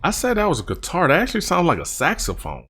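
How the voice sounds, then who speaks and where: A man's voice: a little high, huge pitch swings, fast talker, loud music behind the voice. A man hosting a reaction channel, talking casually and rambling with restarts as he reacts to a song.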